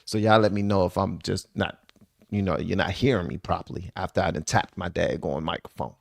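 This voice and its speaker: A man hosting a reaction video, talking casually into a desk microphone, animated and joking with slangy asides. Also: sits low, brisk, vocal fry, no room sound, clean studio sound. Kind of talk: casual commentary. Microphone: desk microphone on a stand.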